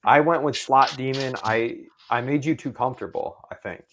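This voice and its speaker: A man's voice: medium pitch, normal speed, fairly bright tone, a little hiss or hum. A man co-hosting a casual fantasy football draft podcast, thinking aloud and talking himself into picks. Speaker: podcast co-host.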